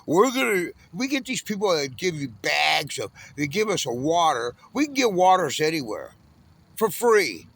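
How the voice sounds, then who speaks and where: A man in his sixties from Southern California rants at length, bitter and full of curses. His voice sits a little high for a man of his age, and he rails against everything in an uneven, angry flow. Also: big pitch swings, normal speed, vocal fry, fairly bright tone, breathy edge. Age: 60s. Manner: profane, bitter, railing. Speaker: homeless panhandler. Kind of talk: angry ranting monologue.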